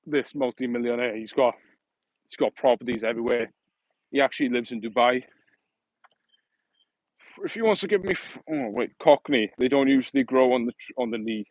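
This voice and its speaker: Brief: young man, mid-pitch, live-stream banter on a phone while walking, dry close sound. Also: moderate pace, long pauses, no echo, lo-fi sound. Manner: chatty, joking, reads and answers viewer comments. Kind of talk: casual live-stream chat. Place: outdoors, walking.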